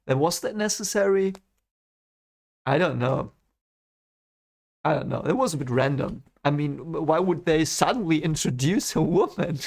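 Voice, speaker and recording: A young man reading a novel aloud and thinking out loud about it in casual commentary, rambling and restarting his sentences. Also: a little high, lively intonation, moderate pace, vocal fry, pauses often. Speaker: book reaction reader. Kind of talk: casual read-along commentary.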